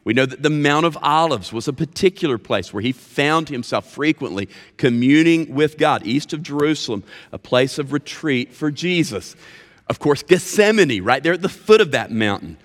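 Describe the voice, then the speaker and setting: A man preaching a sermon as pastor, expressive and emphatic, with deliberate pauses. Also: a little high. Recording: reverberant hall sound.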